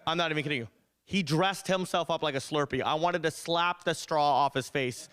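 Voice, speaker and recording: A young man doing a stand-up comedy set, telling animated stories with punchy delivery. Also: fairly high pitch, a little fast, smooth, no echo. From United States.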